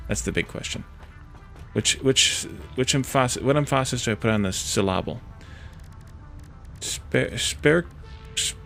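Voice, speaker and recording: A man's voice: medium pitch, a bit bright. A man streaming a video game, chatting casually with viewers and thinking aloud as he plays. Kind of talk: casual let's-play commentary.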